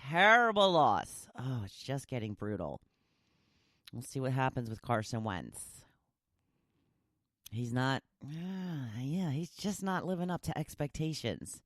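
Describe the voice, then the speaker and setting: A woman's voice: a bass voice, lively intonation, unhurried, long pauses, darkish tone, no echo, studio quality. A woman hosting a podcast, chatting casually and bubbly with her listeners and laughing often. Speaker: podcast host.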